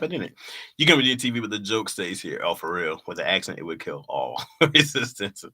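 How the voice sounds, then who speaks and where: A man's voice: low voice, big pitch swings, a little fast, pushed and bright, husky. A man reading his old jokes aloud to a live chat in casual talk, laughing at them and mocking himself.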